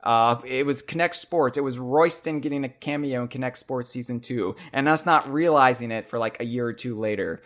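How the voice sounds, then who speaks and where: A young American man hosting a podcast, talking casually and excitedly with frequent restarts and repeated words. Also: mid-range voice. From United States. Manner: animated, often halting, restarting and repeating words. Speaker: podcast host. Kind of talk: casual chat.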